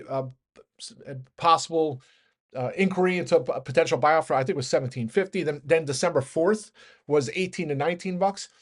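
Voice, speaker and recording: A man giving a quick, rambling daily stock market rundown, talking fast and often correcting himself. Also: a little high. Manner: rapid, rambling, self-correcting.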